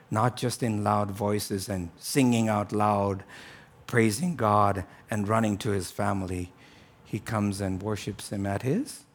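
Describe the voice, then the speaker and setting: A man preaching a sermon, swinging between loud exclamations and low, quiet stretches, with frequent "right?" asides and restarts. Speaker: pastor.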